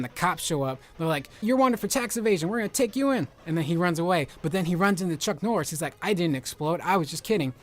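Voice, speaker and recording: A man hosting casual game commentary, rambling excitedly with lots of filler words. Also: fairly high pitch. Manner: rambling, excitable, heavy use of "like". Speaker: video game reviewer.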